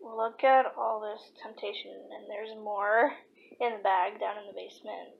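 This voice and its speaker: A young woman talking casually to camera in a home vlog, chatty and pausing to search for words. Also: mid-range voice, steady tone, gravelly, phone-quality sound. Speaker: vlogger. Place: home, kitchen. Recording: noisy home ambience.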